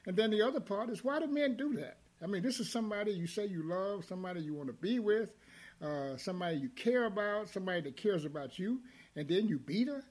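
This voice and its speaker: A man hosting a discussion program, talking with many pauses, fillers and restarts. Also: high-pitched, expressive, a little mellow. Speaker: host.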